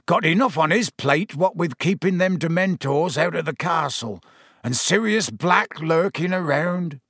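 A man voicing a huge, soft-hearted male gamekeeper who talks in a broad rustic dialect. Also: on the high side, lively intonation, a little slow, dry recording, studio quality, pitched above the performer's own voice, heavily acted. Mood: gloomy.

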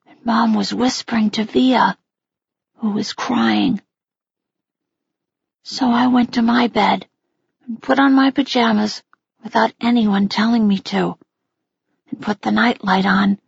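A woman narrating an audiobook in a quiet, intimate way. Her delivery is very slow and her voice is deeply husky, with a gravelly edge. The recording is dry and slightly dull. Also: no echo.

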